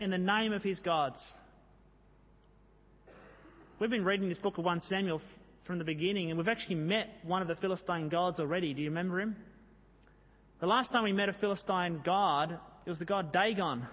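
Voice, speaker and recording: In a church hall, a high-voiced man delivers a sermon, his words fading into a long reverb. He tells the story in a lively manner and reads scripture dramatically.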